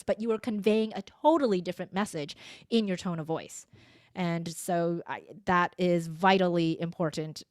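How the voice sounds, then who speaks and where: A middle-aged woman voice coach chatting in an interview, animated and expressive, acting out the voices of the people she quotes. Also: mid-range voice, dry recording, clean studio sound. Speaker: voice coach guest. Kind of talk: casual interview chat.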